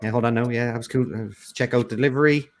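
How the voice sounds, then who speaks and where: A man co-hosting a charity quiz stream, rambling through stories in quick chatter. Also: medium pitch, fairly even intonation, music in the background. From Ireland. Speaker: quiz co-host. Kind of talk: casual live-stream chat.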